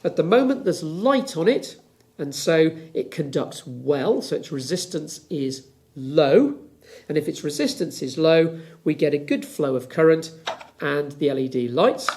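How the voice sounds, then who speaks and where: Chatty physics teacher, slightly high voice. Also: male voice, expressive, measured pace, a little mellow. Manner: chatty, explaining step by step. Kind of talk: home lesson with demonstration.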